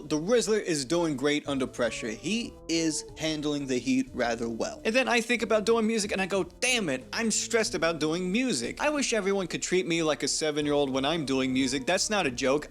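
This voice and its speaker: A young man talking through a rambling, confessional video essay in an earnest, self-deprecating way. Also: a little high.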